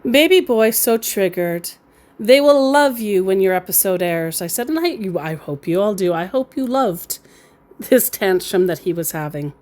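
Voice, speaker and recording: A woman recounts a conversation she had with a scammer, telling it slowly and casually with obvious amusement, often laughing as she reads out the quotes. Her mid-range voice is animated and darkish.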